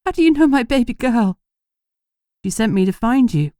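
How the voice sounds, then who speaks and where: A woman's voice: a little high, a little slow, dark tone, dry recording, studio quality, pitched above the performer's own voice, close to an everyday voice. A woman voicing a weakened, frightened elf mother in an audiobook, trembling and pleading desperately. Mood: tearful. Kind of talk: audiobook character voice.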